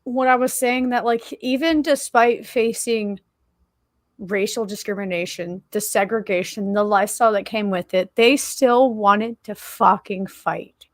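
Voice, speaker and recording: A woman's voice: mid-range voice, fairly even intonation, measured pace, no echo, clean studio sound. A woman co-hosting a podcast in casual chat, emotional and swearing freely, with many "like"s and restarts. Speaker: podcast co-host.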